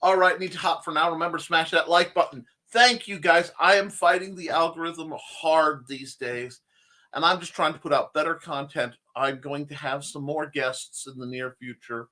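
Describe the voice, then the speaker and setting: A man's voice: on the high side, fairly even intonation, normal speed, bright, forceful tone. A man hosting a casual livestream talk show, chatting in a rambling, enthusiastic way as he answers viewer comments. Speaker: host of a creative talk show.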